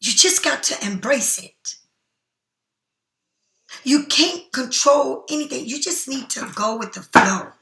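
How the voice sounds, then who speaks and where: High bright woman reading tarot. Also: expressive, slow, long pauses, reverberant. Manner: repetitive, emphatic, spiritual encouragement, addresses viewer directly. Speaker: tarot card reader. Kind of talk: casual tarot reading to camera.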